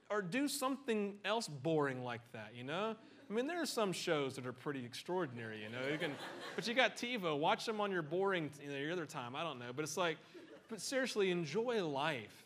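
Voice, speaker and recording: A middle-aged man preaching a conversational sermon, animated and full of joking asides. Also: on the high side, brisk. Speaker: pastor.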